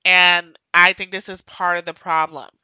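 Woman podcast host going off in an impassioned rant, keeps repeating herself for emphasis, super bright tense voice, dry sound. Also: lowish voice, level tone, moderate pace, clear, resonant tone, dry recording, poor audio. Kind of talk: emotional solo podcast monologue.

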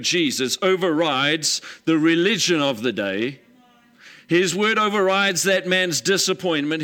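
Animated bright-voiced male pastor preaching. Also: fairly high pitch. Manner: emphatic, animated storyteller, acts out scenes. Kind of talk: sermon.

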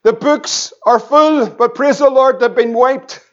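A man's voice: very high-pitched, measured pace. A middle-aged man, a pastor preaching an evangelistic sermon and telling family stories. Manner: impassioned preaching with anecdotes and repeated questions. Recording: dull lo-fi church recording.

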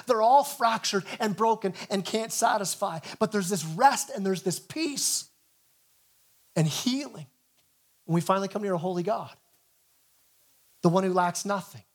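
Pastor, male, light high voice, earnest sermon delivery, stammers into phrases. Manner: earnest, stammers and repeats words at the start of phrases. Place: church.

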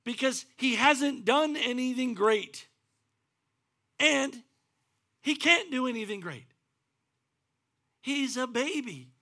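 Bright, high-voiced pastor preaching. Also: male voice, slow pace, long pauses. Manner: animated, acts out the Bible quotes in varied voices. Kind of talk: sermon. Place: church.

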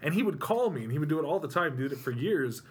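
Guy telling a story on a podcast, talks real fast. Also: fairly high pitch, big pitch swings, a little hiss or hum. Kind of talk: casual storytelling.

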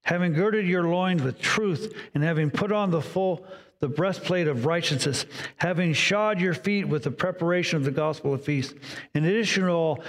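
A man preaching a sermon, reading scripture aloud and voicing inner dialogue with dramatic pauses. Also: a little high, in a large hall. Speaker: pastor.

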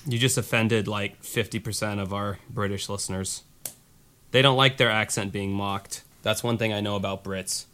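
Podcast guy, slight southern twang, bright crisp voice, goofy rambling humor. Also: fairly even intonation, moderate pace. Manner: joking, lowbrow humor, rambling asides. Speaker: podcast co-host. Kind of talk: casual podcast chat.

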